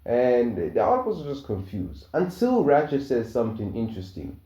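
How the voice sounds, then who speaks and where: A man's voice: mid-range voice, wildly swooping pitch, normal speed, hardly any pauses, warm tone. Rambling young man telling a fan story. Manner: rambling, hesitant, with many fillers and chuckles. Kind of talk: casual fan story narration. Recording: dull, roomy home recording.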